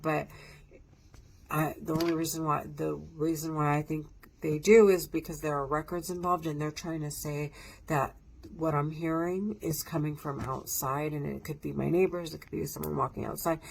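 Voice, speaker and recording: Woman ranting to camera at home, low gravelly voice, swears a lot, rambly. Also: a little hiss or hum. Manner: agitated, profane and rambling. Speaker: vlogger. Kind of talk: casual monologue to camera.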